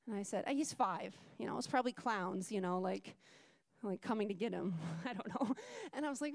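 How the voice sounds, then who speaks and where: High-voiced woman preaching, animated storyteller. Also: moderate pace, dry recording, studio quality. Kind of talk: sermon. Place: church.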